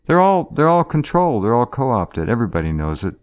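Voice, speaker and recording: A man's voice: medium pitch, very animated, brisk. A man co-hosting a casual chat, blunt and opinionated with short replies. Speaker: co-host. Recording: dull lo-fi audio.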